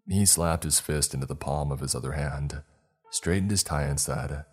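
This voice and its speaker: Very deep, husky male storyteller. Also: soft background music. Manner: measured storytelling, first-person narrator. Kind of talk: scripted narration of a horror story.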